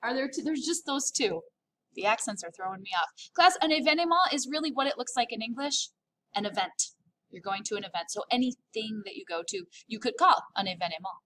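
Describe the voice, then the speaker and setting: A woman's voice: fairly high pitch, animated, fairly quick, sharp tone, a little hiss or hum. An upbeat, playful woman teaching a recorded French lesson, drawing out words to model pronunciation.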